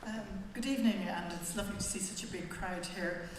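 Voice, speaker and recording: A woman's voice: medium pitch, brisk. Irish woman speaking in an echoey hall. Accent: Wexford Irish. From Wexford, Ireland. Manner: conversational and wry, with frequent hesitations. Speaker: panel speaker presenting a book. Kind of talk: public talk. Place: library event hall. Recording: very echoey hall, faint noise.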